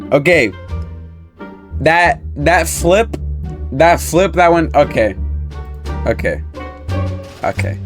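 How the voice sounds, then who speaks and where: A man's voice: fairly high pitch, fairly bright tone. A man doing casual reaction commentary on funny videos, laughing often and repeating short exclamations.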